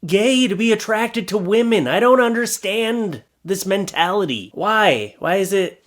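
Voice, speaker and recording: A man's voice: sits high, expressive, a little slow. A man hosting reaction commentary, sarcastic and exasperated, mocking what he reads. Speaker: commentary host.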